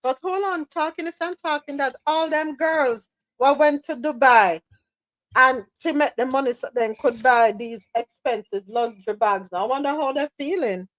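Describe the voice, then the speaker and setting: A woman hosting a live news chat stream, lively and teasing, calling listeners by name. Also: high-pitched, normal speed, no echo. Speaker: host.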